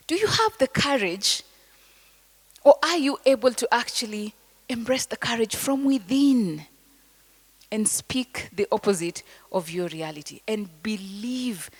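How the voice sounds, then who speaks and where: A woman with a Kenyan accent addresses a crowd in an inspirational speech. Her voice sits at a middle pitch, and she stretches key phrases slowly, then drops to a hushed whisper for emphasis. A long reverb from a large hall trails every word. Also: lively intonation, breathy edge. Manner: emphatic, slow dramatic phrasing with sudden soft whispers. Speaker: motivational speaker.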